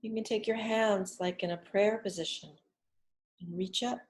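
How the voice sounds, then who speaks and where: A middle-aged woman leading a gentle guided relaxation lesson, speaking softly and soothingly, with whispered exhales between instructions. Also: mid-range voice, fairly even intonation, normal speed. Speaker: wellness instructor.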